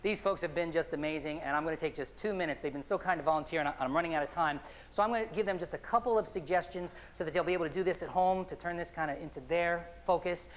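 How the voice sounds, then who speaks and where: A man performing as a stage hypnotist, moving from upbeat showman banter to slow, soothing hypnotic suggestions on stage. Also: a little high, slight background noise. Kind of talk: live hypnosis stage show. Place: stage before a live audience. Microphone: handheld microphone. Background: audience laughter and applause.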